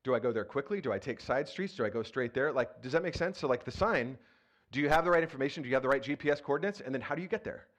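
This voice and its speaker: An animated pastor with a mid-range, fairly bright voice talks very fast into a handheld microphone. In the church sanctuary he delivers a casual, playful sermon, chatting away and repeatedly questioning the congregation.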